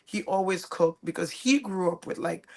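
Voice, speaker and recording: Gravelly-voiced woman telling her story. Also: on the low side, moderate pace. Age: 40s. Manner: animated, acts out family quotes. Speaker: guest chef and restaurateur. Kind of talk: casual storytelling interview.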